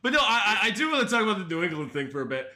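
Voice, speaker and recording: A man co-hosting a casual podcast, telling stories in an animated, sarcastic way. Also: high voice, racing. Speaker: podcast co-host. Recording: roomy echo.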